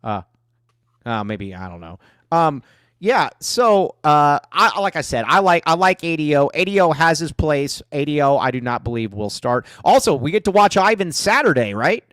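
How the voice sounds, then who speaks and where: A man's voice: a little high, big pitch swings, normal speed, a bit bright, no room sound, studio quality. A man hosting a casual sports podcast, rambling and joking with plenty of fillers. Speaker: podcast host.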